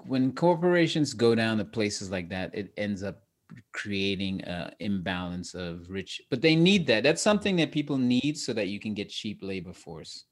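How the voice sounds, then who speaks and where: A man's voice: on the low side, very animated, moderate pace. A man talking in a casual podcast conversation as a guest, rambling with restarts and laughing between thoughts. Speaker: guest, actor and comedian.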